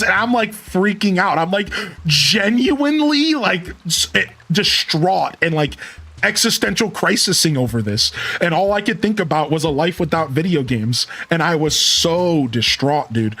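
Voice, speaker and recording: A man's voice: a little high, lively intonation, unhurried, pushed and bright. A man streaming a game, chatting casually in a rambling, self-interrupting, reflective way. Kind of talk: casual gameplay stream chat.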